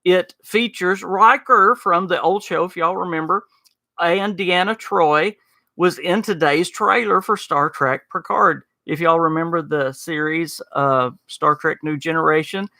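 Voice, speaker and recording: A man with a Southern US accent hosts a casual gaming podcast, chatting in a folksy way with viewers. His voice sounds bright and a bit high for a man. It is dry and close to the mic. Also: a little slow, no room sound. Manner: chatty, folksy, frequent "uh" and "y'all". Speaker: podcast host. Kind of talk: casual podcast chat reading live chat.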